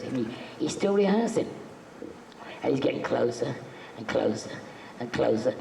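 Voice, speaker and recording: A man's voice: medium pitch, lively intonation, normal speed, creaky, long pauses, dark tone. A man telling jokey, chatty anecdotes as a guest on a convention panel, acting out the quotes in his stories. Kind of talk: anecdotal storytelling to a live audience. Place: convention hall. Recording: echoey hall, faint background noise.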